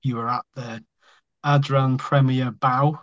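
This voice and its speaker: A man's voice: mid-range voice, little pitch movement, slow pace. Podcast host man on dull lo-fi audio. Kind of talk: casual podcast interview.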